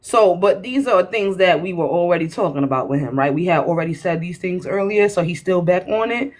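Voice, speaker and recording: A woman's voice: lowish voice, lively intonation, a little fast, darkish tone. A woman hosting a livestream panel over an online call, blunt and mocking, cutting in on a heated casual debate.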